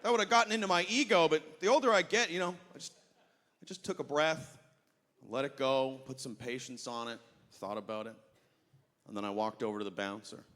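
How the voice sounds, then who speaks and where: Bright-voiced male stand-up comic. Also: mid-range voice, fairly quick. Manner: animated storytelling with acted-out voices. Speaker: stand-up comedian. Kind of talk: stand-up routine. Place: comedy festival stage. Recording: stage recording with long hall reverb.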